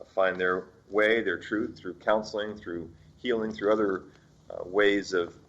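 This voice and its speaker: An older man hosting his own radio show, giving a gentle spiritual talk with many pauses and fillers. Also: on the low side, husky. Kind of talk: reflective solo talk. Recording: dull lo-fi sound.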